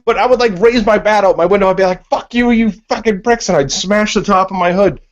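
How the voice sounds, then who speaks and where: A man from Massachusetts telling stories on a group video call, animated and full of swearing. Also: sits high, fast. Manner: profane, animated storytelling. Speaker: panelist. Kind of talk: casual storytelling on a group call. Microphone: online video call. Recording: dull lo-fi call audio.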